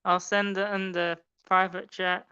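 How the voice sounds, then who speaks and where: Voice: medium pitch, level tone, measured pace, sharp tone, clean tone, no room sound. A podcast co-host in casual chat, mostly short interjections and hesitant starts. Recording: dull lo-fi dry sound.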